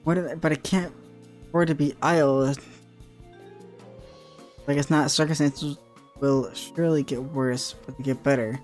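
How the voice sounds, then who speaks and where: A man voicing a hurried, hardworking young man from a game, reading the lines briskly and curtly. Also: a little high, fairly even intonation, faint music behind, close to an everyday voice. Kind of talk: reading game dialogue aloud.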